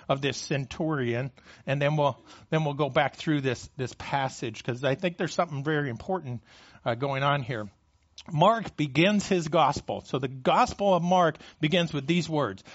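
Preaching in a higher-pitched voice, this pastor trips over and repeats words at the start of phrases, then rises in tone whenever he reads scripture. The recording is lo-fi.

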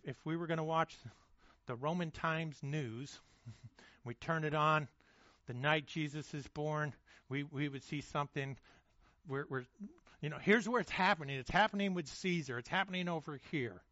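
A man's voice: a little high, fairly bright tone, no room sound, lo-fi sound. A man preaching a sermon in a casual, conversational way, often repeating words as he restarts and checking in with "okay?" and "right?". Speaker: pastor.

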